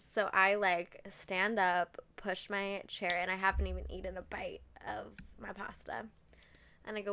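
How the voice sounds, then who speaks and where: A woman's voice: medium pitch, unhurried, gravelly. A young woman hosting a podcast, telling a personal story in a candid, casual way, swearing freely and saying "like" often. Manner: candid and expressive, swears freely, many likes. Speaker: podcast host.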